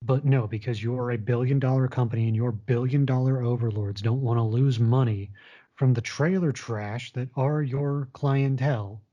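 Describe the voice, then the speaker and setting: A man telling his own story in a frank, blunt way, and he does not hold back his swearing. His voice is dark and mellow, and it sits in an even middle register. The recording is dull and lo-fi. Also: mid-range voice, moderate pace. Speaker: storyteller recounting his retail job. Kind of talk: casual spoken personal story.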